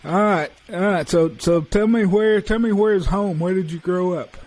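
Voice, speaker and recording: A man hosting a podcast interview, rambling and halting with many restarts. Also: high-pitched, a little mellow, low-quality recording. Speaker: podcast host. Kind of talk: casual interview chat.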